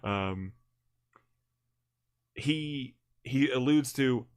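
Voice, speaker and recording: A man's voice: mid-range voice, expressive, normal speed, fairly bright tone. Rambling man telling a story casually. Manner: rambling, full of restarts and self-corrections; blunt and profane. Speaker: livestream co-host. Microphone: streaming mic.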